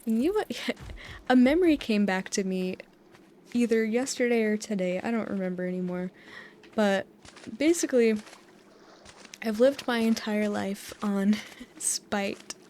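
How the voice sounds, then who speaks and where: A young American woman talks softly and chattily over cozy gameplay, wandering from story to story and laughing along the way. Her voice sits at an everyday middle pitch, with a faint hum of ambience behind it. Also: measured pace, long pauses. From United States. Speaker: gaming channel host. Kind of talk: soft-spoken rambling over relaxing gameplay.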